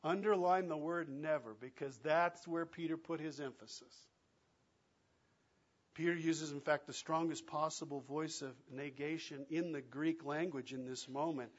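A man preaching a sermon, acting out quoted lines and swinging between loud and soft. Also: a little high, lo-fi sound. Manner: dramatic, acts out quoted lines with big swings in loudness. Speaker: pastor.

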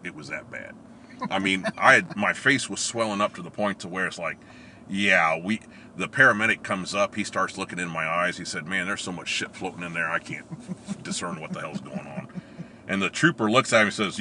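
A middle-aged man tells a story in a very low, cutting, bright-edged voice. His pitch swings widely as he laughs and acts out what people said. Faint noise sits under the recording. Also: fairly quick. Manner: animated, laughs often, acts out quoted lines. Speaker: storyteller recalling police academy training. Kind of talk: casual storytelling.

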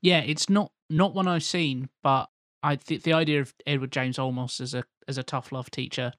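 A man's voice: mid-range voice, fairly even intonation, moderate pace, fairly bright tone, no echo, clean studio sound. A man co-hosting a podcast, chiming in with brief, agreeing remarks in casual chat. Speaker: podcast co-host.

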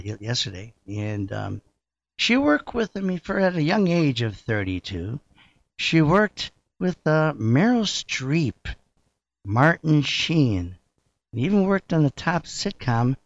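A man from upstate New York hosting a casual interview, rambling and halting, laughing often. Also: mid-range voice, no echo, dull audio. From Rochester, New York. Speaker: host.

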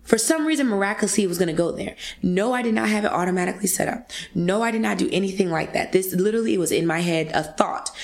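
A young woman in her twenties telling a casual, animated story to podcast listeners and acting out the voices she quotes. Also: mid-range voice, vocal fry. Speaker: podcast guest speaker.

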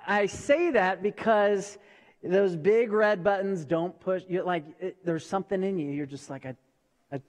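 A middle-aged male pastor preaching in a conversational way, halting, with frequent restarts and repeated words. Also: sits high, big-room sound. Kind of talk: conversational sermon. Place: church hall.

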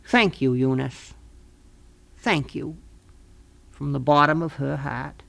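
A man's voice: on the high side, takes it slowly, gravelly, a bit bright, heavily acted. A man voicing a scheming small-town fellow in a comic radio play, talking in a folksy, wheedling, overly sweet way. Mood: schmoozing.

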